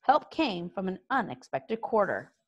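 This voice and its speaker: A woman reading a children's book aloud with expressive narration. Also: mid-range voice, unhurried, slightly rough, muffled recording. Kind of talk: storybook read-aloud.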